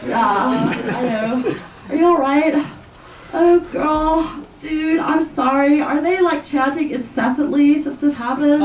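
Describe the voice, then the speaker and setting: A woman's voice: high voice, slight background noise. Woman playing a giggly teen on the phone. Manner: breathless, giggly phone chatter full of odd big words. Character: chatty teenage girl, dreamy, dramatic vocabulary. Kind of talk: solo stage monologue. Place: small performance space. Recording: roomy, distant live VHS recording.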